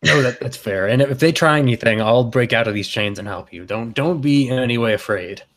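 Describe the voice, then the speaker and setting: A man's voice: medium pitch, brisk, fairly bright tone. A man playing a tabletop role-playing game, easygoing and speaking in character. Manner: easygoing, laughs often. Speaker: player.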